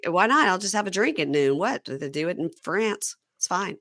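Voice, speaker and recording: A woman hosting a casual podcast, retelling reality show scenes with lively acted-out quotes. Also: fairly low pitch, moderate pace, no echo, clean studio sound. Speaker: podcast host. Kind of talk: casual recap chat.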